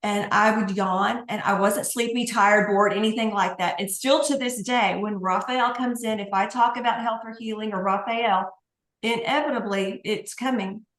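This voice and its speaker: A woman's voice: medium pitch, fairly even intonation, normal speed, a bit bright, roomy sound, low-quality recording. A woman guest on an interview, an angel communicator, telling stories in a chatty way with light laughs. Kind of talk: casual interview talk.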